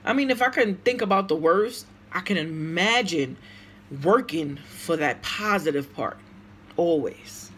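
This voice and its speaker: A woman's voice: lowish voice, lively intonation, a little slow, fairly bright tone, slight background noise. A woman with a Brooklyn accent, vlogging casually to camera and answering tag questions, emotional and outspoken. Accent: Brooklyn, New York. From United States.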